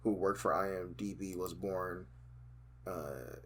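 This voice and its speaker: A man's voice: deep voice, takes it slowly, slight background noise. A man co-hosting a podcast, chatting casually in a loose, rambling way with lots of fillers. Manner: animated, rambling, many fillers. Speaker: podcast co-host.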